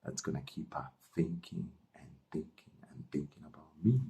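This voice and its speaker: A man doing a deep-voiced joking young groom. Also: normal speed, gravelly, mellow, slightly rough, heavily acted. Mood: earnest.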